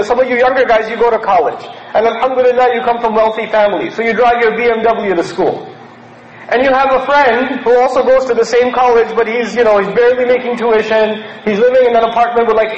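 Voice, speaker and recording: A man from Pakistan giving a lecture as a preacher, animated and acting out quoted characters mockingly. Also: very high voice, echoey room, dull audio, a little hiss or hum.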